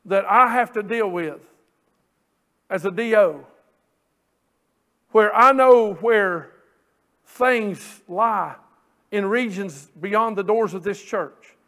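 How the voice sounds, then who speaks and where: A pastor delivers a sermon from the pulpit. His voice sits notably high for a man. He leans on drawn-out scripture lines and builds his emphasis as he preaches. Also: a bit bright. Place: church sanctuary.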